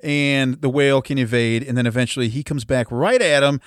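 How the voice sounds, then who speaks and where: A young man on a podcast, playfully recapping a film and laughing as he goes, with quick silly voices for the characters. His voice is at a middle pitch. The recording is dry and close. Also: dry recording. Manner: playful, laughing storytelling with quoted asides. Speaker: podcast co-host. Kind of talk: casual movie recap chat.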